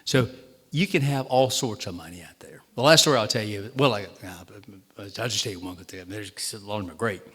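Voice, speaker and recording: Speaking fairly quickly in a lowish, fairly bright voice, a Southern-accented state treasurer entertains a town hall meeting with self-deprecating humor and stories, his words reverberating at length in the hall.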